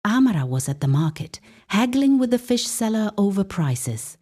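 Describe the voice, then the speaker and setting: Expressive woman storyteller, husky. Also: medium pitch, moderate pace. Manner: dramatic, expressive. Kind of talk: dramatic story narration.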